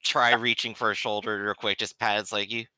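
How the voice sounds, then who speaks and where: A man's voice: fairly low pitch, flat delivery, fairly quick, sharp tone, no room sound. A man playing a tabletop game, hesitantly describing his character's actions. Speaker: player. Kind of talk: casual tabletop play.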